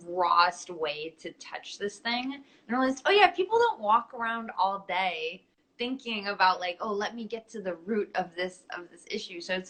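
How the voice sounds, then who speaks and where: A woman's voice: fairly low pitch, pushed and bright, rough recording. A young woman author talking over a video call from her home studio, earnest and reflective, a little self-deprecating. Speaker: author guest. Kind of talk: casual interview chat.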